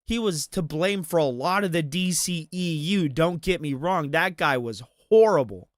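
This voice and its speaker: A man's voice: fairly high pitch, animated, normal speed, dry recording, clean studio sound. A man ranting about movies on a casual commentary stream, swearing freely. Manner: profane, ranting.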